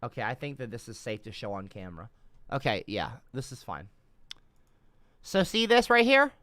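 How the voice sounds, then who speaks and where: On a livestream, a man rambles sarcastically, cursing frequently, leaving sentences unfinished, and alternating between mumbles and loud bursts. His medium-pitched voice moves at normal speed with huge pitch swings, and there's no room sound.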